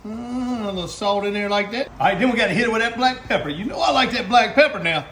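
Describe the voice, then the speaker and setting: Man, Southern US accent, high-pitched, folksy cooking host, echoey room, noisy background. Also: fast talker. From Southern United States. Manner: folksy, excited exclamations, talks to the camera operator. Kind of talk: casual cooking demonstration.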